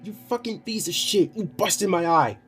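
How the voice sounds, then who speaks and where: A man's voice: high-pitched, lively intonation, moderate pace, slightly rough, soft background music, voice pushed up, exaggerated voice. Man doing a cursing, possessive young guy. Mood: angry. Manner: shouting, cursing, threatening.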